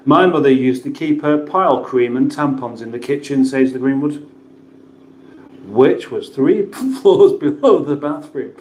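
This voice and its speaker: A man's voice: a little high, a little mellow. A British man hosting a casual livestream, chatting and joking as he reads out viewer messages. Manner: chatty, jokey, playful voices for chat names. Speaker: livestream host reading chat. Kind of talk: casual live chat. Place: home kitchen. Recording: roomy echo.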